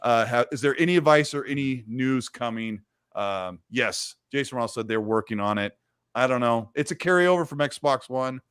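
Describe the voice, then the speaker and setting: A man's voice: mid-range voice, lively intonation, normal speed, a bit bright, clear, resonant tone, no room sound, clean studio sound. A man hosting a casual gaming livestream, chatting loosely and reading viewer messages aloud. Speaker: host.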